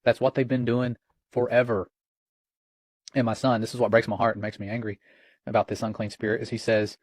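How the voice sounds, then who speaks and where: A man's voice: mid-range voice, level tone, brisk, long pauses, dry recording. A man hosting religious commentary, earnest and warning, retelling a conversation line by line.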